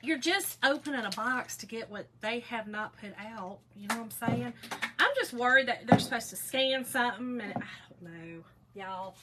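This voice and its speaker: Woman, folksy livestream host, calls everyone girl and y'all, slightly high voice, room noise behind. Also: moderate pace. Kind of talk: casual livestream chat reading comments.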